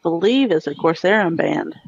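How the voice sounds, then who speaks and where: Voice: medium pitch, lively intonation, unhurried, gravelly, breathy edge, dry recording. Upbeat podcast co-host on a dull line. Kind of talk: casual chat.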